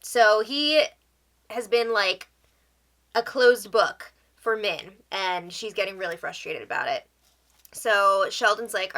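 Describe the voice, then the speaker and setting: A woman's voice: medium pitch, slow, fairly bright tone. A woman hosting a casual reality show recap, chatty and tossing in opinionated asides.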